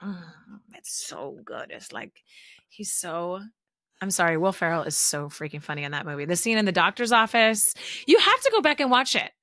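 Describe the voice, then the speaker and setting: A woman's voice: on the low side, fairly quick, dry recording, clean studio sound. A woman in her thirties co-hosting a podcast, chatting casually and animatedly about her favorite movies. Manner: animated, quotes movie lines with laughs. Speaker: podcast co-host. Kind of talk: casual chat.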